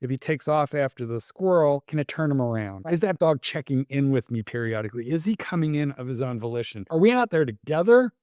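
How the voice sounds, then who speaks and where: Animated storytelling dog trainer, dry close sound. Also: male voice, mid-range voice, brisk, few pauses, no room sound. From Canada. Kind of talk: casual storytelling interview.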